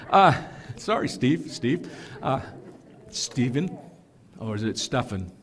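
A man's voice: fairly high pitch, expressive, slow. Earnest man preaching a sermon. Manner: earnest, emphatic teaching with restarts and asides. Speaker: pastor.

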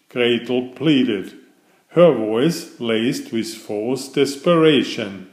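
Slow and expressive, a man narrates a fairytale from a script in storybook style. His voice is mid-range, and the room around him echoes.

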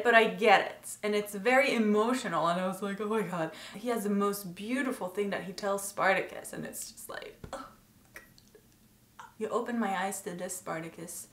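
A woman's voice: a little high, fairly bright tone. A woman reviewing a TV episode in a casual vlog, talking in an emotional, gushing way. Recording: echoey room.

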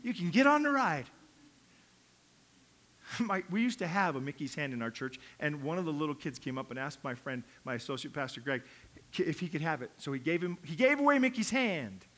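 A man preaching a lively sermon in a high voice with a bright, forceful edge. He acts out the quotes he tells, dropping to near-hushed asides and then rising to loud, urgent calls. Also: fast. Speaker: pastor.

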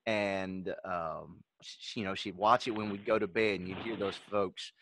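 A man's voice: deep voice, fairly even intonation, measured pace, a bit bright, a little hiss or hum. A man, telling folksy anecdotes on a podcast in a casual, laughing way. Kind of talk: casual chat.

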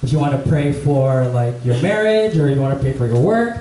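A young man giving a casual church message, telling a story in a relaxed, chatty way full of fillers. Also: medium pitch, brisk, far from the mic. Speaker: preacher. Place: church hall. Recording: echoey church hall, faint room noise.

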